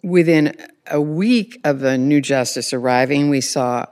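A woman's voice: low voice, a little slow, a little mellow, long reverb tail. A woman correspondent interviewing a guest, building long, pointed questions step by step. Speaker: legal affairs correspondent, interviewer.

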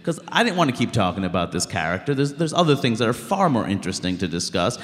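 A stand-up comedian from Queens, talking in an interview in an animated, emphatic way. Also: on the low side, quick pace, big-room sound. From Queens, New York. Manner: animated, emphatic, blunt, many "like" fillers. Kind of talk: conversational interview.

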